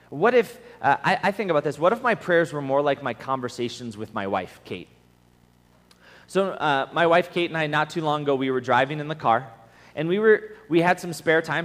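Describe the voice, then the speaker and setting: A man giving a conversational sermon at a camp, telling stories in an animated way and acting out the voices he quotes. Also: a little high. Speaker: camp speaker, preacher. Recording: long hall reverb.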